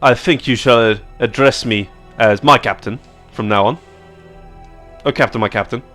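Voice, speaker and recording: A man's voice: mid-range voice, normal speed, a bit bright, faint music behind, close to an everyday voice. A man voicing a common sailor who puts on airs as a pompous ship captain, speaking. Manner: pompous, self-justifying.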